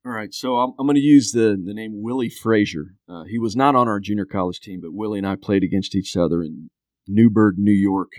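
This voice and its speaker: Lowish and fairly quick, this man's voice comes through clean studio audio without echo. He's in his fifties, a podcast guest spinning a long, casual tale and voicing other people's quotes with animation.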